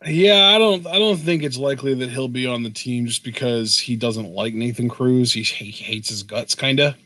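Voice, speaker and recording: A man's voice: medium pitch, moderate pace, pushed and bright. A man co-hosting a live reaction show, chiming in with casual, blunt remarks and crude jokes. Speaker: co-host of a wrestling reaction show.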